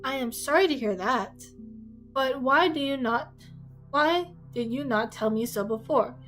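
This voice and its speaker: Woman reading a dry, teasing gentleman. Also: high-pitched, animated, unhurried, faint music behind, poor audio. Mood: wry.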